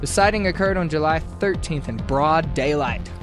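Playful high-voiced male news host. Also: over music. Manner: playful, quick to laugh, reading stories aloud. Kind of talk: casual comedic news chat.

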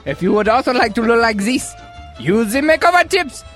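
A man's voice: very high-pitched, very animated, fairly quick, fairly bright tone, soft background music, exaggerated voice. A man putting on a mock German accent to play a goofy mad-scientist man, with over-pronounced delivery. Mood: hammy. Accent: put-on German.

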